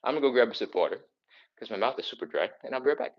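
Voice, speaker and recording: Male fitness instructor, mid-pitched, upbeat, counting reps between sighs, slightly breathless, lo-fi stream audio. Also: expressive, rapid-fire. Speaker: mobility and stretching instructor. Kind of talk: live follow-along workout coaching.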